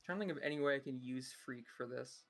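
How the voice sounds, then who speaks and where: A man's voice: mid-range voice, fast talker. Male player, casual, hesitant thinking-aloud delivery, faint music underneath. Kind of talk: casual tabletop play.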